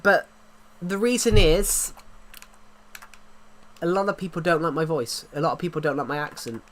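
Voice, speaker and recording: A man's voice: on the high side, normal speed, a bit bright, slight background noise. An English man chatting casually on a livestream, rambling with many restarts and fillers, his throat sore. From England. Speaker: livestream host.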